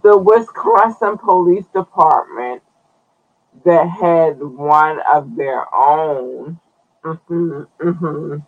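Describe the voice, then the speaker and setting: The sound is phone-quality, and the man's voice runs on the high side. He's a podcast host doing laid-back live-stream news commentary, talking loosely to his viewers, cursing and dragging out his words.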